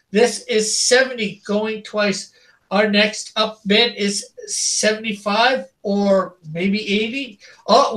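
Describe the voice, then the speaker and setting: A man's voice: high voice, bright, forceful tone. A man hosting a live-streamed art auction, calling out bids over and over and chuckling between calls. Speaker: auction host.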